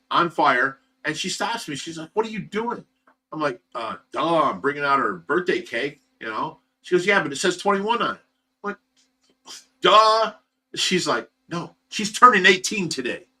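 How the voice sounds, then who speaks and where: A man with an Ohio accent rambles through a personal story on a livestream, circling back and restarting often. His voice is bright and forceful and sits a little high for a man. He sounds set back from the microphone, so the room carries a little. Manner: rambling, repetitive, many fillers and restarts. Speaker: livestream host. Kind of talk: casual storytelling to viewers. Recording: voice some distance from the mic.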